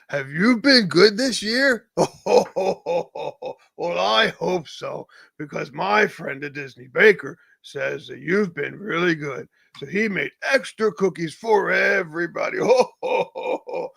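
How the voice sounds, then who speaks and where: A man voicing a jolly, teasing old Santa Claus with booming ho-ho laughs and slow, drawn-out lines in a live stream comedy bit. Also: expressive, vocal fry, fairly bright tone, dry recording, heavily acted. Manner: slow, drawn-out, chuckling delivery.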